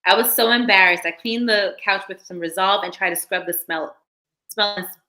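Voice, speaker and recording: A woman's voice: medium pitch, normal speed, sharp tone. A young adult woman hosting a live stream, reading listener stories aloud with casual, laughing asides to her chat.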